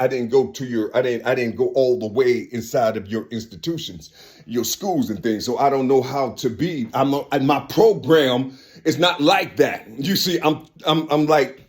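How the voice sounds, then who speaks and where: Talking straight to camera, a vlogger rambles through a monologue, constantly slipping in "you see" and "you know," restarting phrases and laughing between them. Now and then his voice drops suddenly low and quiet.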